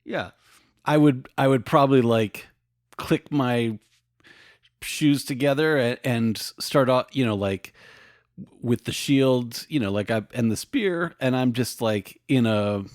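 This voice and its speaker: A man's voice: mid-range voice, slow pace, no room sound, studio quality. Casual man playing at a tabletop game. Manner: rambling, full of fillers like "you know, like". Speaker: player.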